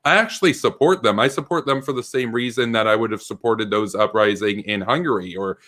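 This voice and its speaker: Low-ish guy hosting a political debate, forceful, keeps repeating words as he restarts. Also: a little fast. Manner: emphatic, with frequent stuttered restarts.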